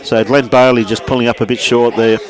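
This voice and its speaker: Crowd noise fills the background as an Australian man calls lawn bowls live indoors at a club. He speaks briskly at a medium pitch, staying relaxed while calling the play and greeting viewers by name.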